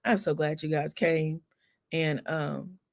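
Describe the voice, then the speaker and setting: A middle-aged woman hosting a casual livestream chat, telling family stories in a warm chatty way, close to tears. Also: low-pitched, fairly even intonation, slow pace, vocal fry. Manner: chatty storytelling with laughs and Southern "y'all". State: near tears. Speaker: livestream host. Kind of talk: casual chat with live viewers.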